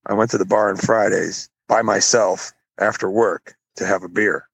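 Husky man telling rowdy stories. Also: normal speed, no echo. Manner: swearing, animated, jumps high when quoting people. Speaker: podcast co-host. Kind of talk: casual chat, storytelling.

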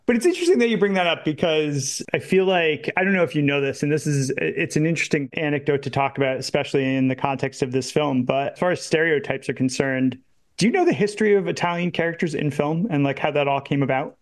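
Male podcast co-host, somewhat high voice, casual explainer, filler-heavy. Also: quick pace. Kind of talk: casual film discussion.

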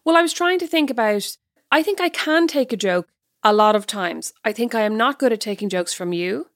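A woman's voice: on the high side, lively intonation, fairly quick, dry recording, clean studio sound. A woman co-hosting a podcast, bluntly bickering with her sister in casual chat. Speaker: podcast co-host.

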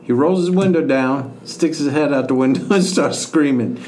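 A man's voice: medium pitch, normal speed. A middle-aged man co-hosting a podcast, telling a long funny story in a joking, laughing manner. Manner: joking, animated storyteller who laughs often. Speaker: podcast co-host. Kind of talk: casual storytelling chat.

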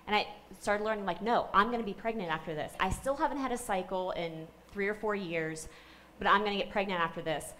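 A woman in her thirties tells her story as an interview guest, swinging between hushed and bright, acting out the voices of people around her. Faint ambient noise sits behind her. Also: medium pitch, a little fast, low-quality recording. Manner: animated storyteller, acts out quotes, laughs. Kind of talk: storytelling in a faith podcast interview.

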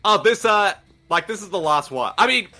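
A man with an Australian accent co-hosting a podcast, giving energetic, joking watch-along commentary and laughing often. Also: high-pitched, normal speed, soft background music. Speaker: podcast co-host.

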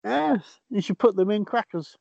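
A man co-hosting a podcast, chatty and quick to laugh in casual conversation. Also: sits high, lively intonation, gravelly, darkish tone, slightly rough, no echo, dull audio. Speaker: podcast co-host. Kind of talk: casual chat.

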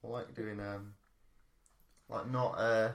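A man's voice: fairly low pitch, flat delivery, slow pace, vocal fry. A man co-hosting a podcast in casual chat, hesitant and mumbling, with many fillers. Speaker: podcast co-host. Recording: echoey room with faint noise.

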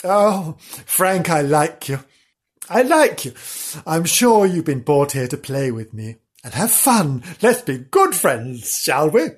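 A cross, high-pitched little tomcat kitten from a storybook who huffs and scolds, as a woman reads him aloud. The voice leaps around wildly and has a husky edge. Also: very animated, takes it slowly, full character voice. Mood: fond. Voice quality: high, exasperated. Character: grumpy bossy young male kitten.

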